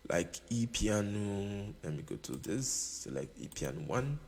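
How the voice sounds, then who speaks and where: Guy teaching how to use an eq, keeps asking "you understand", lively pitch, echoey room with long tail. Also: a little slow. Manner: repeats himself, checks in with "you understand?". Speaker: music production tutor. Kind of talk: casual tutorial while playing keyboard. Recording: room with long reverb, keyboard music behind. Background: keyboard playing.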